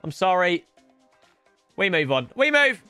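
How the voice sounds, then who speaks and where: Excitable high-voiced young man. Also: unhurried, clear, resonant tone, no room sound, faint music behind. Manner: excitable, loud outbursts; chatty slang, addresses viewers as lads. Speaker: gaming YouTuber. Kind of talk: live gameplay commentary.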